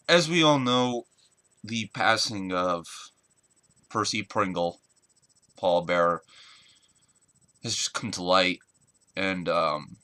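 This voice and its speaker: A man in his twenties giving an earnest, halting spoken tribute in a casual vlog, often searching for words. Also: on the low side, sharp tone, no echo. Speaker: wrestling fan vlogger.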